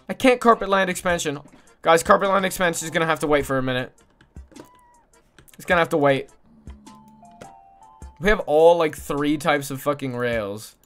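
A young man streaming a game, talking half under his breath to his viewers and then yelling with excitement when things go his way. His voice sits a little high for a man, and faint music plays under it. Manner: mumbles low to himself, then bursts into loud excited shouting; swears often, talks to chat and the game. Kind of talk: casual gaming livestream chat.

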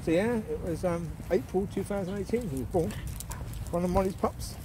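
A middle-aged man chatting casually while walking his dog outdoors, now and then calling out loudly to it. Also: sits high, moderate pace, noisy background. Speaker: dog owner vlogger. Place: outdoors on a rural walk.

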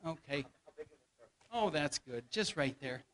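This man takes it slowly yet stays animated, his fairly high voice fairly bright. Teaching a Bible lesson in a church hall, the church elder playfully directs volunteers through a skit in front of the congregation, giving them their lines.

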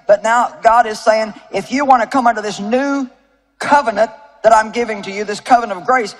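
A woman's voice: a little high, a little fast. Folksy older woman preaching to a crowd. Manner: folksy, animated storytelling with asides to the crowd. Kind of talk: sermon to a live audience. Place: large auditorium with audience.

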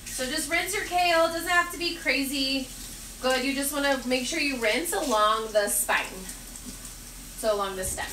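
A woman's voice: high voice, normal speed, bright, forceful tone, a little hiss or hum. A woman giving a casual, chatty cooking demonstration in her home kitchen, mixing instructions with friendly asides. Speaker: cooking vlogger and teacher.

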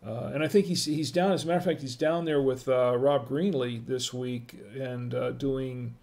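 Chatty man with a gravelly voice. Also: medium pitch, fairly even intonation, moderate pace, darkish tone. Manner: chatty, greets viewers in the chat by name. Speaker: wine stream host. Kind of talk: casual live-stream wine tasting.

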